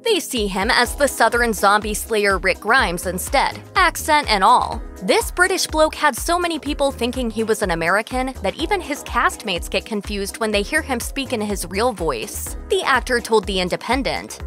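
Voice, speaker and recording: A woman reads scripted narration with a bright, animated voice that swoops up and down. Her delivery is brisk and polished, recorded close on a studio mic with faint music underneath. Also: a little high. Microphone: close studio voice-over mic.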